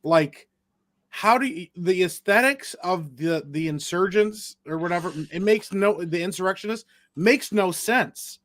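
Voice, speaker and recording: A man's voice: sits high, unhurried, a bit bright, no room sound. A man co-hosting a livestream, talking in a blunt, rambling, sweary way. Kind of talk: casual livestream chat.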